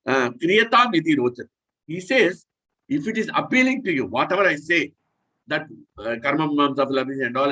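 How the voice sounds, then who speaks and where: A man's voice: mid-range voice, fairly bright tone, low-quality recording. A man preaching a scripture class in an earnest, repetitive, instructive way.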